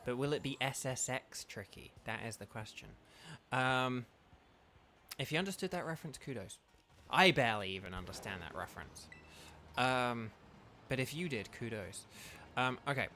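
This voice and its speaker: A man's voice: mid-range voice, expressive, normal speed, bright, forceful tone, slight background noise. A man, congested, hosting a let's play with rambling, filler-heavy commentary. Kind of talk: casual game commentary.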